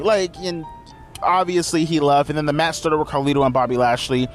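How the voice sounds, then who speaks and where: A man's voice: fairly high pitch, fairly even intonation, brisk, faint music behind. A man giving a casual, profane, rambling recap of a wrestling show.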